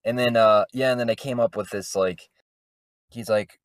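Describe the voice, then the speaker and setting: A man co-hosting a podcast in a studio tells a rambling, filler-heavy story during casual chat. His voice is fairly low with fairly even intonation and a slightly fast pace, and there's no room sound.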